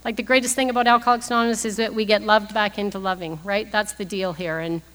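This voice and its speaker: A woman's voice: medium pitch, fairly even intonation, fast talker, a bit bright. A woman in her fifties sharing a humorous personal story as the speaker at a recovery meeting, laughing often as she talks. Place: meeting hall. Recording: long hall reverb.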